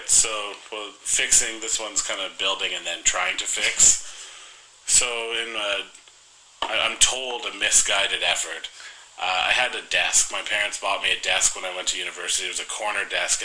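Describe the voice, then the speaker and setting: Young male co-host, casual and joking; lowish voice with a very bright tone. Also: slight background noise, rough recording. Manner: joking, rambling storyteller. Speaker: podcast co-host. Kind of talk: casual chat.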